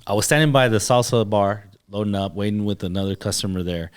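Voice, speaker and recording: A man's voice: lowish voice, quick pace, smooth. A man, a chiropractor, telling personal stories in a casual podcast chat and acting out the dialogue. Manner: animated storyteller, acts out dialogue. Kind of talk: casual storytelling.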